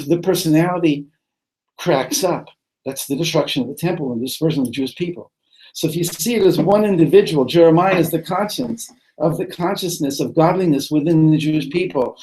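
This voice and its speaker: Rabbi reading and translating phrase by phrase. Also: male voice, fairly high pitch, dark tone, low-quality recording. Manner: translates phrase by phrase, restarts and repeats words. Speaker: rabbi teaching a text class. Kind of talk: text study lesson. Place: study hall.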